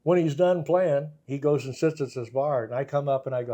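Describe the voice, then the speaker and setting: An older man, a guitarist, telling anecdotes in a relaxed interview, laughing often and acting out the voices of the people in his stories. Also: mid-range voice, a little fast. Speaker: guest guitarist. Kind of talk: casual storytelling interview.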